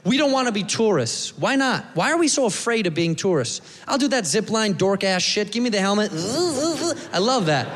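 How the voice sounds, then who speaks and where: An American man doing a profane stand-up comedy set, loudly acting out characters. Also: high voice, sing-song, moderate pace, few pauses, in a large hall. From United States. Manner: loud, profane, acts out characters.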